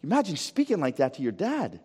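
A man preaching in church with a fairly high, carrying voice, dramatic and animated. He swings from near-shouts down to hushed lines and keeps asking the congregation questions. A long hall reverb trails every phrase. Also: brisk, breathy edge. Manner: asks the congregation rhetorical questions. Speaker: pastor. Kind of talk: sermon.

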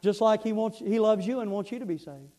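A man's voice: high-pitched, brisk, warm tone, poor audio. A man pastor preaching a sermon, earnest and storytelling, often repeating words as he goes.

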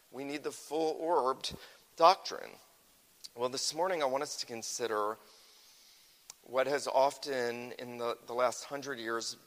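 A man's voice: medium pitch, a bit bright, long reverb tail, poor audio. A man preaching a sermon as a pastor, earnest and emphatic, often repeating key phrases for stress.

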